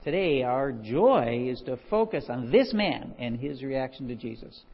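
Heard through dull audio with a long reverb tail, a pastor speaks unhurriedly in a mid-range, slightly rough voice. His sermon mixes scripture reading with lively stories, and he chuckles frequently.

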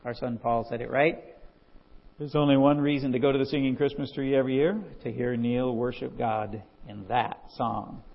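A man's voice: medium pitch, normal speed, big-room sound, highs cut off. A man preaching a sermon, reading scripture aloud and telling stories with frequent chuckles. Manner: animated storyteller, chuckles often. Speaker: pastor.

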